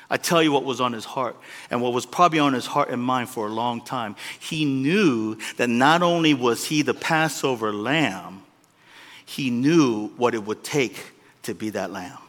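A man preaching a sermon as a pastor, with animated delivery that swings between loud peaks and quiet asides. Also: on the high side. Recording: long reverb of a large hall.

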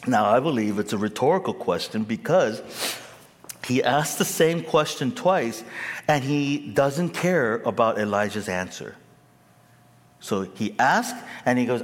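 A male preacher delivers an animated sermon, his pitch rising and falling widely. He calls on the crowd to answer him. His voice rings with long reverb in a large hall. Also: measured pace. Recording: echoey hall.

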